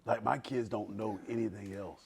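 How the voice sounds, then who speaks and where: A man's voice: lowish voice, fairly even intonation, moderate pace, vocal fry, darkish tone, slight background noise. A man in his forties, a pastor, telling stories in a podcast conversation with lots of laughter and acted-out voices. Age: 40s.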